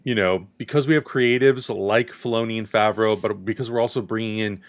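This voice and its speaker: A man's voice: on the low side, fairly even intonation, fairly quick. A man hosting a casual fan discussion, talking enthusiastically and a little rambling before signing off to viewers. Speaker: podcast host.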